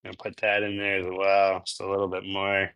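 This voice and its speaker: A man's voice: low voice, completely flat delivery, brisk, fairly bright tone, smooth, dry recording, dull audio. A man from Minnesota hosting a casual live cooking stream from his home kitchen, chatty and rambling, laughing often and answering chat. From Minnesota, US Midwest. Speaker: cooking channel host.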